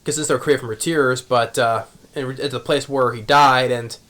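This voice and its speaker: A man's voice: medium pitch, fairly even intonation, moderate pace, a bit bright. A man casually recapping an anime episode, rambling with many restarts and fillers. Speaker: anime reviewer.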